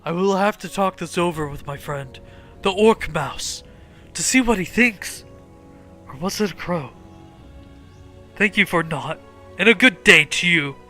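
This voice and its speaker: A man's voice: high-pitched, lively intonation, a little slow, pauses often, bright, forceful tone, faint music behind, full character voice. Man doing a rambling half-mad old quartermaster. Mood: bewildered. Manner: rambling, talks to himself.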